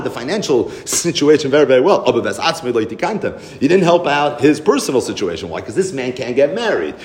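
A man's voice: a little high, darkish tone, reverberant. A man giving a Torah class and telling a Hasidic story, mixing in Hebrew and Yiddish terms and acting out the voices in it. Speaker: Torah teacher.

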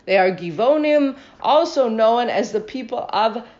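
A woman's voice: a little high, lively intonation, unhurried, a little mellow. Woman teacher, verse-by-verse study lesson; dull, lo-fi recording. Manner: reads Hebrew verses, then translates and questions them. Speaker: Torah teacher.

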